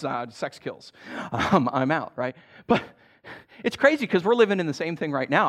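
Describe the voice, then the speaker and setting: Animated, conversational man preaching. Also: on the high side. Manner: conversational, animated, with asides and laughs. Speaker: pastor. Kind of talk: sermon.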